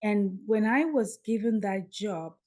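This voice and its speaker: Animated woman telling a story. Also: medium pitch, measured pace. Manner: animated, acts out dialogue. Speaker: podcast guest. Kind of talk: storytelling in an interview.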